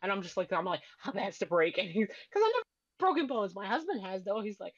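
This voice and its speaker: Woman, 30s, podcast guest. Animated storyteller. Mid-range voice, dry and muffled sound. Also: mid-range voice, quick pace, no echo. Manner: animated storyteller who acts out family voices. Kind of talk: casual chat.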